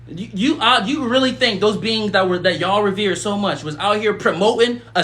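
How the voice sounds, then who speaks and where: A man hosting a spiritual live stream, teaching casually and reading chat comments, animated, with sudden loud emphatic bursts and many fillers. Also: sits high, moderate pace.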